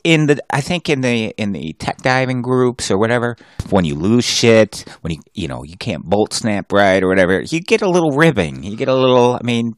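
A man co-hosting a podcast, chatting casually in an animated way, quick to joke and swear. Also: medium pitch, no echo, studio quality. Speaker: podcast co-host.

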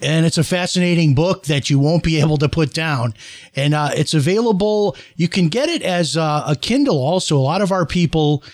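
Host: male, slightly high voice, friendly plugging tone, close dry mic. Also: normal speed, no room sound. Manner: friendly, promotes guest's work. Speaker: talk show host. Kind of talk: radio interview hosting.

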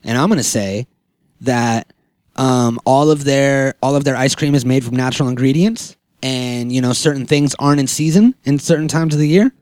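A man's voice: mid-range voice, darkish tone, no room sound, clean studio sound. A man in his thirties hosting a podcast, chatting casually and joking with frequent laughs. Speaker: podcast host.

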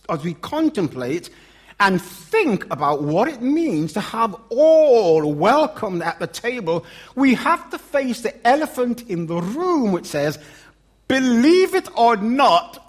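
A middle-aged man preaching a sermon, swinging from loud emphatic lines to low quiet asides.

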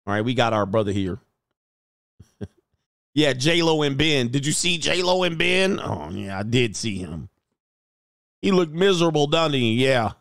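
A man's voice: a little high, creaky, a bit bright, dry recording, studio quality. A man, hosting a casual livestream about dating, joking, laughing often and swearing freely. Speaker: dating coach streamer.

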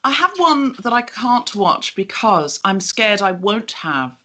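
Woman, bright tense tone, chatty storyteller, wry, video call from home. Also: mid-range voice, very animated, takes it slowly. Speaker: guest. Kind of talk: casual chat.

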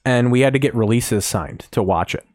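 A man's voice: mid-range voice, normal speed, darkish tone, dry recording, clean studio sound. Blunt, crude Chicago man. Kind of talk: casual profane chat.

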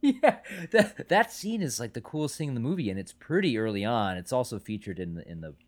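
A man's voice: mid-range voice, big pitch swings, fast talker. A man co-hosting a podcast, thinking aloud about a film with lots of fillers and repeated words. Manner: musing, hesitant, many fillers and repeats. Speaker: podcast co-host. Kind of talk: casual film review chat.

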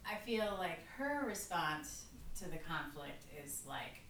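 Woman co-host, relaxed chat, lowish voice, a bit away from the mic in an echoey room. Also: slow, far from the mic, a little hiss or hum. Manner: relaxed, frequent agreeing "mm-hmm", laughs easily. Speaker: podcast co-host. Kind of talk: casual film discussion.

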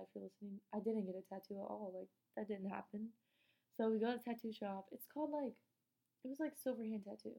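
A woman's voice: mid-range voice, mellow. A young woman from North Carolina, telling a rambling, swear-filled storytime vlog. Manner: chatty and rambling, swears freely, acts out quotes. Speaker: vlogger.

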